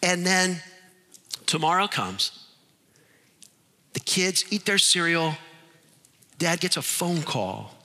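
A man preaching a sermon, animated and acting out the voices in his stories. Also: high-pitched, slow, pauses often, big-room sound. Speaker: pastor.

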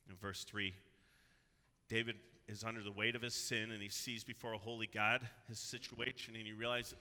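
A man's voice: fairly low pitch, flat delivery, moderate pace, sharp tone. A man preaching a sermon in a church, reading scripture and exhorting his congregation with earnest emphasis. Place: church sanctuary. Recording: long hall reverb.

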